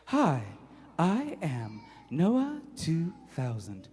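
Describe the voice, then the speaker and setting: A man tells a children's story live, playful and interactive. His voice sits fairly high and swings widely in pitch. A long hall reverb trails behind his words. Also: extremely slow, slight background noise. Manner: playful, animated, audience-interactive.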